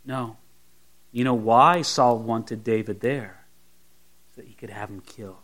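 A man's voice: medium pitch, a little slow, fairly bright tone. A man preaching a Bible sermon as a pastor, often putting rhetorical questions to his listeners.

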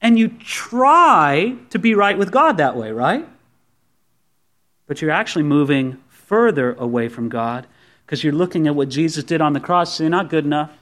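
A man preaching a sermon as pastor, telling the story with lively acted-out voices and asking the listeners direct questions. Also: on the high side, normal speed.

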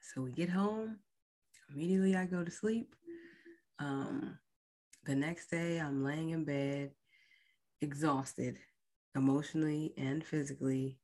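Low, slow-speaking woman telling a personal story. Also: a little mellow. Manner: slow, halting, often dropping to a near whisper. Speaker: podcast host.

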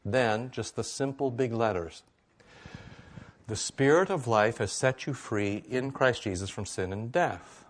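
A middle-aged man with a medium-pitched voice preaches a sermon to a congregation. His style is easygoing and conversational, and he often checks in with "right?".

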